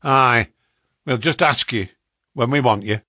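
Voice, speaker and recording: A man's voice: medium pitch, a little slow, no echo, studio quality. A man voicing a tall, gaunt northern woman who brusquely turns away a neighbour in a read-aloud story. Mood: curt. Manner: loud, brusque and dismissive. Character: harsh gaunt northern woman, curt and hostile.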